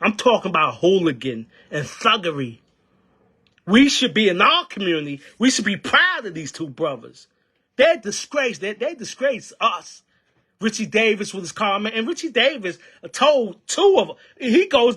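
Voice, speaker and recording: A man's voice: high voice, big pitch swings, normal speed, bright, forceful tone, breathy edge. A man giving fiery, preacher-like union commentary packed with rhetorical questions. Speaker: union member and activist. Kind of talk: impassioned political commentary.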